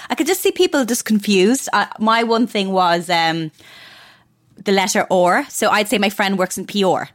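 An Irish woman hosting a casual interview, chatty and quick to laugh. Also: mid-range voice. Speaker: podcast host.

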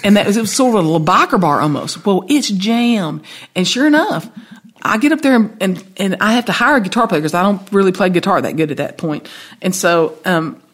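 Husky Southern woman telling stories. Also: medium pitch, a little fast. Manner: chatty, animated storytelling with laughs. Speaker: songwriter guest. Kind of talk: casual storytelling chat.

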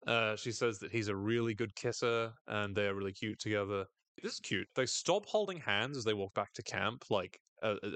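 A man's voice: on the low side, no room sound. Guy on a podcast recapping a show, jokey, does silly voices for the characters, dry close mic. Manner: animated, jokey, acts out quoted characters in exaggerated voices. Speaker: podcast co-host. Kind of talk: casual TV recap chat.

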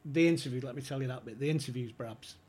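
A man's voice: medium pitch, quick pace, a little mellow, breathy edge. A man guesting on a podcast, telling club stories in a chatty way, swearing freely and acting out the people he quotes. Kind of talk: anecdotal storytelling.

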